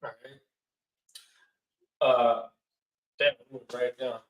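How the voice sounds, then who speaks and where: A man teaching a lesson at the front of a classroom, talking casually and calling out words loudly for the class to repeat. He is heard from some distance, and the room's echo hangs around his voice. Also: mid-range voice, flat delivery, a little slow, lo-fi sound. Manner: casual, loud when giving each word to repeat. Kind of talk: classroom lesson, call and response. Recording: echoey room, far from the mic.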